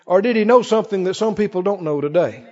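A man's voice: sits high, lively intonation, fast talker, a little mellow, big-room sound, lo-fi sound. A man preaching a sermon to a congregation, reading scripture aloud with rising, fervent emphasis and asking the crowd questions. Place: church with congregation.

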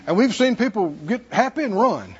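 A man's voice: sits high, sing-song, moderate pace, a little mellow, highs cut off. A man with a Southern American accent preaching a sermon in a church, folksy and humorous, chuckling between points. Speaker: pastor. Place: church sanctuary.

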